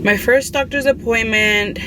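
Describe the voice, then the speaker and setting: A woman's voice: a little high, unhurried, background noise. Young woman rambling through a confiding story. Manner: rambling, full of "like" and "you know"; emotional, confiding. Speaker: vlogger. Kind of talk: casual storytelling to viewers.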